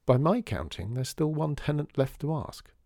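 A man reading a storybook voices a calm, patient father speaking deliberately. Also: a little high, gravelly, dry recording, clean studio sound, voice pushed up.

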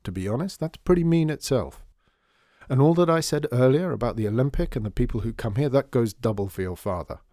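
A man's voice: medium pitch, expressive, brisk, warm tone, no echo, studio quality, close to an everyday voice. A man voicing a genial, persuasive grown man in a storybook, talking earnestly with rhetorical questions.

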